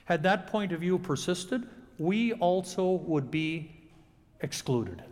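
A man preaching a sermon to a congregation, with dramatic pauses and expressive delivery. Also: high voice, long reverb tail. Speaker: pastor. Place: church sanctuary.

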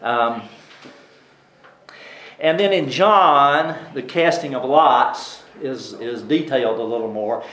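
In an echoey room, a man leads a Bible study in a conversational style, his mid-range voice slow and fairly bright. He frequently restarts what he's saying and puts questions to the class as he goes.

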